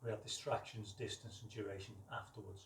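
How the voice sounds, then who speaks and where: A man teaching dog training outdoors, explaining calmly between high, sharp commands to his dog. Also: a little fast, a little hiss or hum. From United Kingdom. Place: outdoors with ambient noise. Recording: roomy, distant from the mic, faint ambience.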